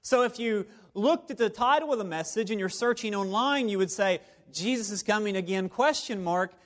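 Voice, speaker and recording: High-voiced man preaching playfully. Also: moderate pace. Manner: playful, repetitive, conversational preaching. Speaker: pastor. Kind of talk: sermon. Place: church service before a live congregation.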